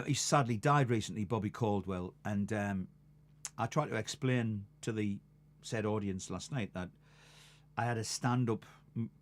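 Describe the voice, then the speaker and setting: Between songs on his live stream, an older man, a musician, tells chatty, rambling stories and laughs at them himself. His voice is on the low side, with slight background noise.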